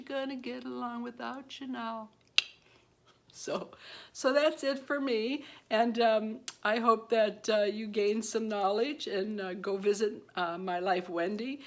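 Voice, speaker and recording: A retired woman in her fifties chats to camera about married life. She rambles from one thought to the next, laughs often, and acts out the voices of people she quotes. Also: fairly low pitch. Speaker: beauty vlogger. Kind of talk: casual chat to camera.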